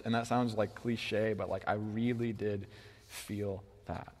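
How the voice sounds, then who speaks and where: A young man preaching a sermon about his children in a casual way, full of "like", moving between hushed and loud moments. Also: fairly low pitch, steady tone, measured pace. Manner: casual, heavy use of "like", swings from hushed to loud. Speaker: pastor. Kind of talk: sermon with personal story. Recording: long hall reverb.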